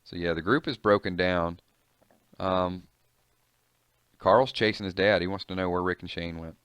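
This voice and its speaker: A man's voice: sits low, fairly even intonation, moderate pace, a bit bright, clean tone, no echo. A man casually reading and commenting on a comic, chatty and reactive, musing aloud.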